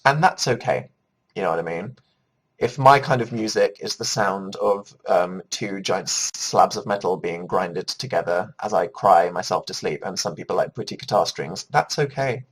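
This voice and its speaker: A man's voice: deep voice, normal speed, slightly rough, low-quality recording. A man hosting a casual livestream, chatting and reading out viewer comments in a rambling, self-deprecating, jokey way. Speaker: livestream host.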